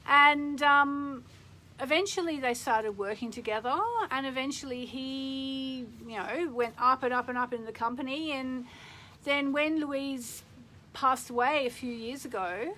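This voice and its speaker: A woman's voice: high voice, measured pace, pushed and bright, a little hiss or hum, poor audio. A middle-aged woman hosting a casual live stream, chatting in a rambling way and reading out viewer comments.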